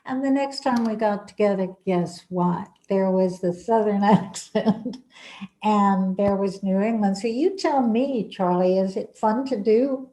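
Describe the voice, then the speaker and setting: A woman, a playwright, telling gentle anecdotes in an interview over a video call. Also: medium pitch, unhurried, poor audio. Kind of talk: casual interview chat.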